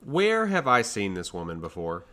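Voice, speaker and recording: A man, co-hosting a casual chat about movie trailers with animated, mock-outraged ranting. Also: on the low side, moderate pace. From American South. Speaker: podcast co-host.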